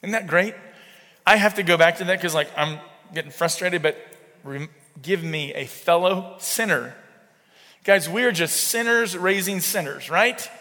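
A man's voice: sits high, measured pace, bright, forceful tone. A man preaching a conversational sermon, talking to the congregation as "guys". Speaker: pastor. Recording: long hall reverb.

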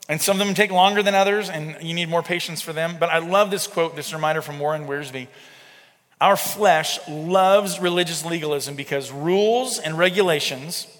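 Pastor, male, fairly high voice, chatty sermon delivery, long hall echo. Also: normal speed, fairly bright tone. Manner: conversational preaching, addressing listeners as guys.

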